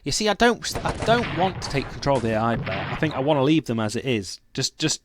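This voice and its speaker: A man's voice: mid-range voice, sing-song, fast talker, background noise. A man giving casual commentary as he plays a strategy game, chatty and thinking aloud with many restarts.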